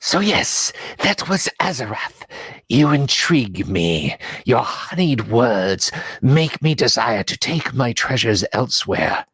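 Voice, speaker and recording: A man's voice: mid-range voice, very animated, a bit bright, breathy edge, no echo, exaggerated voice. A man voicing a haughty, greedy female dragon in a tabletop game, speaking in a growly, grand and menacing way. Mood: coldly mocking. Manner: grand, slow, menacing speech.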